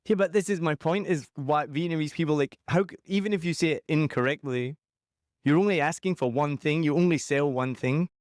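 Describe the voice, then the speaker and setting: A man's voice: a little high, fairly quick, no echo, studio quality. A man with a Scottish accent hosting a podcast interview, chatty and jokey with self-mocking asides. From Scotland. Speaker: podcast host. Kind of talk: casual interview chat.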